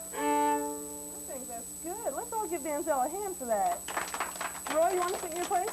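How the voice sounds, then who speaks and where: A woman giving a music lesson to young children in a classroom, patient and gentle, asking them questions. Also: very high-pitched, very animated, moderate pace, rough recording. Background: banjo playing.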